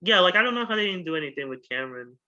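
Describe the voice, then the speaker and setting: Rambling, bright-voiced podcast man. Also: high-pitched, big pitch swings, rapid-fire, dull audio. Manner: rambling, full of restarts and "like". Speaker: podcast co-host. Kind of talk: casual chat.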